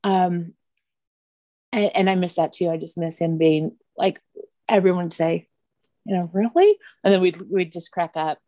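A woman's voice: lowish voice, little pitch movement, normal speed, long pauses, mellow, no room sound, studio quality. A middle-aged woman telling fond family stories in an interview, often laughing as she talks. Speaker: interview guest. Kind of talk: conversational storytelling.

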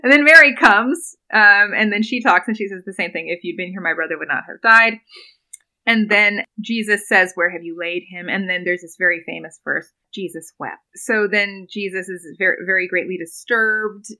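A woman's voice: fairly low pitch, sharp tone, poor audio. A young woman, a doctoral student, talking earnestly in a podcast interview and retelling a scripture story, with frequent ums and small laughs. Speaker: podcast guest, doctoral student in biblical studies.

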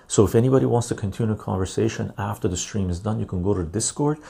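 A man hosting a casual live stream, reading viewer messages aloud and answering them in a relaxed, rambling way. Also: on the low side, fast, gravelly, slightly rough. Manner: relaxed and rambling, with frequent fillers.

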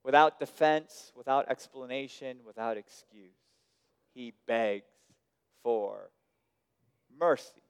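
A man preaching a sermon as pastor, swinging between hushed, quiet phrases and sudden raised, emphatic lines. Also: mid-range voice, slow pace, pauses often, clear, resonant tone. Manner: dynamic preaching, dropping soft and rising loud. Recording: long reverb of a large hall.

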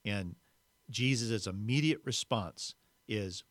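A man's voice: mid-range voice, animated, moderate pace, dry recording. A man hosting a podcast, giving a devotional teaching in a reflective way and repeating key words for emphasis. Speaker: podcast host.

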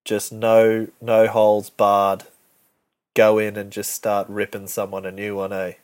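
Male co-host, young, slangy and crude, low-pitched, dry studio sound. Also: completely flat delivery, slow pace, dry recording. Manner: crude, laid-back storytelling with slang. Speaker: podcast co-host. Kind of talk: casual banter.

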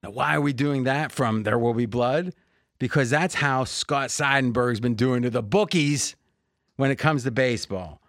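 A man hosting a sports betting podcast in a joking, salesy way, pitching deals to his listeners. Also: moderate pace, fairly bright tone, no echo, studio quality. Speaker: podcast host.

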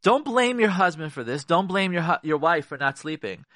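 A woman hosts a radio advice show, her voice bright and pushing forward. She lectures her listeners directly, drives her points home by repeating them, and jumps between loud stresses and soft asides. The studio sound is dry and close. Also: fairly low pitch, animated, normal speed, no echo. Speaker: radio show host giving marriage advice.

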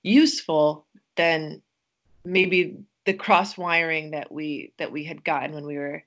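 A podcast guest with a slightly low voice speaks in a steady tone. She comes across as gentle and reflective, often pausing and hesitating as she sorts out her thoughts.

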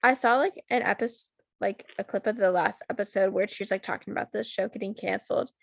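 A woman's voice: mid-range voice, fairly even intonation, a little fast, creaky, no echo. A young woman co-hosting a casual podcast, swearing freely and filling her talk with "like". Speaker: podcast co-host.

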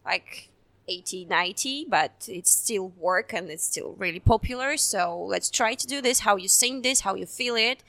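A woman's voice: mid-range voice, moderate pace, creaky, bright, forceful tone, dry recording. A woman with a Russian accent, a Russian native speaking simple, broken English as a guest in a casual chat. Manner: broken English, laughs easily. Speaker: guest singer.

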